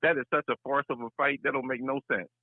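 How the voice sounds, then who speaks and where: A man's voice: mid-range voice, fairly even intonation, quick pace, dry recording. Male caller on a tinny phone line. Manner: laid-back, chatty, calls host "Coach". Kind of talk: casual call-in boxing talk.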